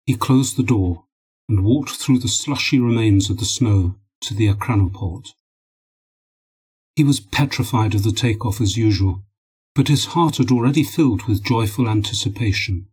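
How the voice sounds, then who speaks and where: A man narrating an audiobook in a steady, measured reading. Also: lowish voice, breathy edge, poor audio.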